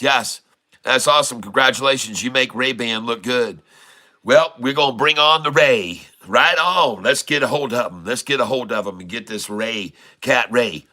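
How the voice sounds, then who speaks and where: Cracking puns and laughing often, a middle-aged man hosts a laid-back, jokey livestream. His mid-range voice comes across pushed and bright.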